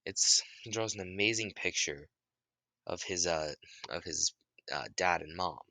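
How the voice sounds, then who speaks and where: A man's voice: low voice, unhurried, vocal fry, bright, forceful tone, dry recording, studio quality. A man casually retelling a made-up story, rambling with restarts and the odd curse.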